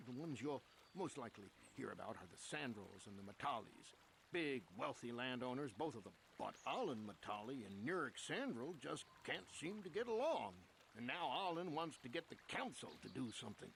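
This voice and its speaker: An actor playing a chatty, helpful middle-aged farmer settler in a video game, with a folksy, rustic way of talking. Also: male voice, mid-range voice, sing-song, brisk, gravelly, a bit bright. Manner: folksy, rustic, plain-spoken. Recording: game audio with background noise.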